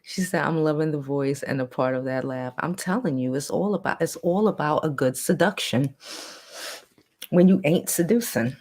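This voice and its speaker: A woman with a hoarse, fading voice, hosting a casual livestream chat in a playful, rambling way. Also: low voice, moderate pace, a little mellow. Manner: playful, chatty, trailing off and restarting. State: hoarse, losing her voice. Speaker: livestream host.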